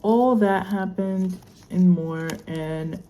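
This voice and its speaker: A woman's voice: on the low side, slow, warm tone, slight background noise. A young woman vlogging casually as a student, chatty and rambling with lots of fillers while she unboxes a laptop. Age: young adult. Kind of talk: casual unboxing vlog chat.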